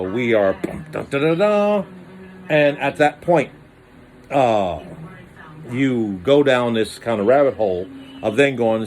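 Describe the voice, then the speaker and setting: Brief: male storyteller, loose slangy comic monologue, voice leaps up for quoted bits. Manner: animated, slangy, acts out voices with pitch jumps.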